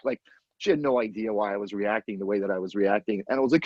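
Male podcast host, low husky voice, animated storyteller, dull dry recording. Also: quick pace, no room sound. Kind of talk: casual podcast chat.

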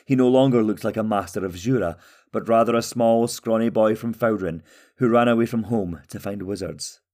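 Low-voiced man narrating a fantasy tale. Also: normal speed. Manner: steady, even storytelling. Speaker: audiobook narrator.

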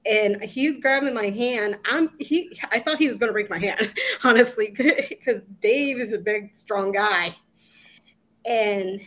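A middle-aged woman, an interview guest, recounting a personal ordeal in a halting way with restarts and quoted asides. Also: medium pitch. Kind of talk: emotional personal recollection.

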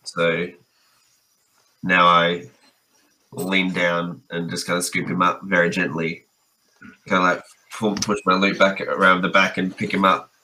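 A man's voice: low-pitched, flat delivery, a little slow, long pauses, bright, forceful tone, rough recording. A man playing a tabletop game, talking in a hesitant, playful way with many fillers. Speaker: player.

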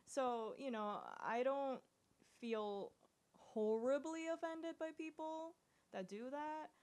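A woman chatting casually as a podcast co-host, reflective and quick to laugh. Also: high-pitched, a little mellow. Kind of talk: casual chat.

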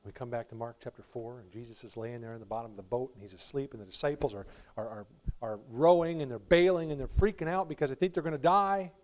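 Preaching at a quick pace in a medium-pitched voice, a male pastor alternates quiet reflective moments with loud, pleading emphasis, laughing warmly between points.

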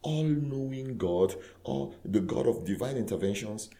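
Gravelly low-voiced clergyman. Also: unhurried. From Nigeria. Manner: earnest, animated retelling that acts out dialogue. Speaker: clergyman guest. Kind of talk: conversational storytelling.

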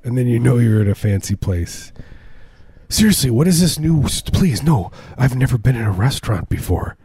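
A man's voice: mid-range voice, big pitch swings, normal speed, mellow, slightly rough, no room sound. A man chatting casually as a co-host, rambling through stories with many restarts and acted-out quotes. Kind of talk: casual comedic chat.

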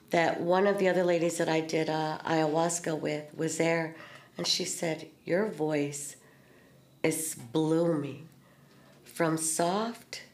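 A middle-aged woman talks in an earnest, heartfelt storytelling way, mixing spiritual words with casual swearing. Her voice sits a little low. The recording has a noticeable room echo. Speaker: podcast host. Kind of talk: candid heartfelt conversation. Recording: echoey room.

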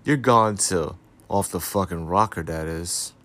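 A man's voice: low-pitched, measured pace, fairly bright tone. A man giving casual celebrity gossip commentary, reading articles aloud with sarcastic, profane asides. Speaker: commentary host.

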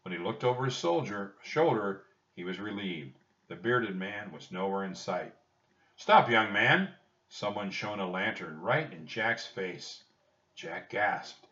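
A man reading a children's chapter book aloud with expressive storytelling. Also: deep voice, a little slow. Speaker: audiobook reader. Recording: distant roomy dull home recording.

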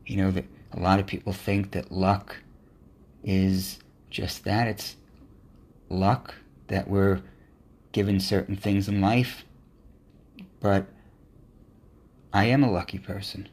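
A man's voice: low-pitched, little pitch movement, takes it slowly, long pauses, darkish tone. A man hosting a motivational podcast, speaking in an earnest, encouraging monologue. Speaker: podcast host.

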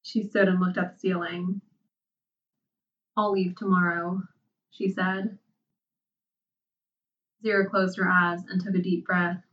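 A woman reading a story aloud as narrator, in a slow, measured delivery. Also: fairly low pitch, flat delivery, a bit bright. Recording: distant, dull lo-fi mic.

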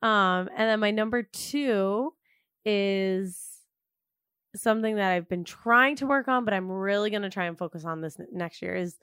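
A woman's voice: mid-range voice, normal speed, fairly bright tone, clear, resonant tone, no echo. A young woman co-hosts a casual chat podcast. She talks hesitantly, circling her point with fillers and restarts. The sound is dry and close. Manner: hesitant, filler-heavy, many "like"s. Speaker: podcast co-host.

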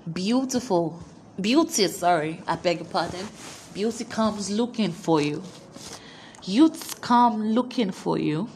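A woman delivers a motivational sermon at a slow, deliberate pace, leaning hard on repeated declarations. Her delivery is emphatic, with dramatic pauses between lines. A faint hum of background noise sits under her voice. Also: on the low side, creaky. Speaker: preacher.

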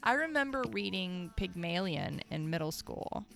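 Lively laughing woman chatting casually. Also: lowish voice, moderate pace, vocal fry, faint music behind. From Michigan, United States. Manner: laughs often, animated and playful. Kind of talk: casual chat.

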